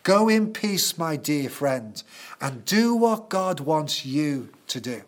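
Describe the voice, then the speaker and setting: Brief: preacher doing a gentle old priest blessing someone, slow and hushed, higher-pitched voice. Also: male voice, big pitch swings. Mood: solemn.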